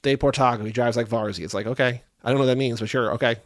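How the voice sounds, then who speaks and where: A man co-hosting a podcast in casual chat, animated and acting out his own reactions. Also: mid-range voice, rapid-fire, dry recording, clean studio sound. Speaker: podcast co-host.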